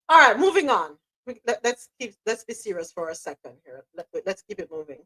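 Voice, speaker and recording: A woman hosting a casual live radio show, animated and laughing often, slipping into patois asides. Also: medium pitch, moderate pace, slightly rough.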